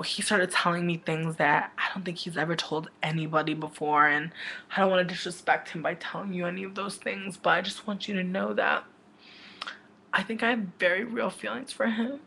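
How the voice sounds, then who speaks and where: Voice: mid-range voice, creaky, pushed and bright. A livestream host telling a comic gossip story in a rambling, dramatic way, with many fillers and swear words, into a webcam microphone.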